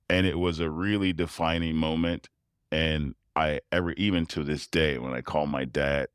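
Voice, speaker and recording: A man, a tuba player, telling personal stories as a guest, animated and often laughing. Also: rumbling low, clean tone, no room sound, studio quality. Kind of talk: interview storytelling.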